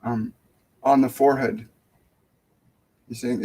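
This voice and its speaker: A man hosting a live mediumship show, relaying messages gently and hesitantly, with many fillers and restarts. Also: medium pitch, normal speed, poor audio. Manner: soft, dropping almost to a whisper when relaying tender messages. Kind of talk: casual live mediumship reading.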